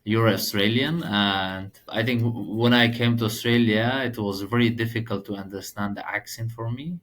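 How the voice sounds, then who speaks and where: A man in his thirties from Afghanistan with an Afghan accent, a podcast guest speaking earnest, halting second-language English. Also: on the low side, fairly bright tone. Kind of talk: podcast interview.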